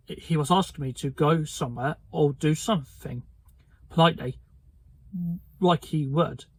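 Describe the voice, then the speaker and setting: A harsh, croaky old ewe, gruff and forthright, speaking loudly in folksy grammar, as a man reading a children's storybook puts her on. The voice is a little husky and the delivery slow. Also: on the high side, no echo, full character voice, rough recording.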